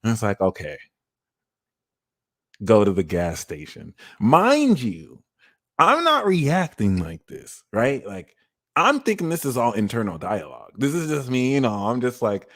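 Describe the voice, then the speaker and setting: A young man doing a live tarot reading, telling stories in a casual, slangy way and now and then bursting into loud acted-out lines. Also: mid-range voice, normal speed. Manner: animated, slangy, swings into loud acted-out exclamations. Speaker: tarot reader.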